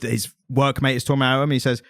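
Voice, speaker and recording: A British man co-hosting a casual podcast chat, joking and lively. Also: medium pitch, racing, dry recording, clean studio sound. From Britain. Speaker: podcast co-host.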